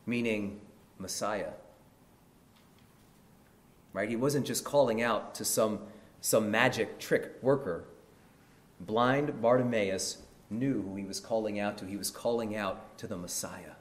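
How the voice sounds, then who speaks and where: A man preaching a sermon, telling a story with lively energy and calling his listeners brethren. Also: on the low side, measured pace, long pauses, reverberant.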